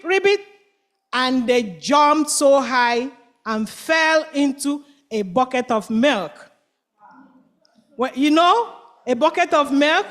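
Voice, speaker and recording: A woman telling a children's story at church, animated and quizzing the listeners with call-and-response questions. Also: sits high.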